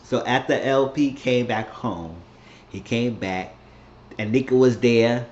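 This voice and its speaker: A man's voice: mid-range voice, takes it slowly, darkish tone. A man casually recapping a TV season finale in a loose, rambling way, often restarting his sentences. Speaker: TV show recapper. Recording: roomy, dull lo-fi recording.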